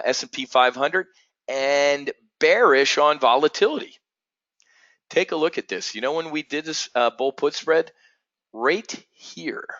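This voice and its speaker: Man, webinar host, blunt, energetic, rambling, forceful bright voice, dull lo-fi audio. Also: medium pitch, no room sound. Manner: energetic, blunt, rambling, keeps calling out "folks". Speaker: options trading webinar host. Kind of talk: live trading webinar talk.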